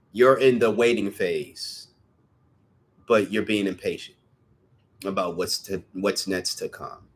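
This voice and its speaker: A man's voice: lowish voice, fairly bright tone. A young man giving a casual tarot reading, chatty and rambling, who sometimes stumbles over his words. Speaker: tarot reader.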